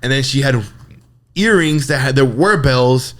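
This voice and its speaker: A young man co-hosting a podcast, telling profane, animated work stories in casual chat. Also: medium pitch, unhurried. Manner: profane, animated, mimics customers. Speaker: podcast co-host. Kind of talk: casual storytelling.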